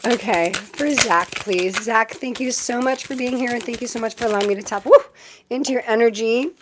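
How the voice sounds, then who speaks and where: A woman's voice: fairly high pitch, brisk, fairly bright tone, a little hiss or hum. Chatty, giggly middle-aged woman reading tarot. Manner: chatty, giggly, easily distracted. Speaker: tarot reader hosting a live stream. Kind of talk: casual live-stream tarot reading.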